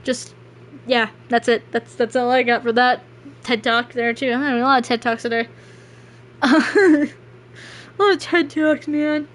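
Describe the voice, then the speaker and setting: A woman's voice: on the high side, flat delivery, normal speed, fairly bright tone. A woman streaming a game and chatting casually as the credits roll, rambling and self-deprecating. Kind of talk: casual gameplay stream chat.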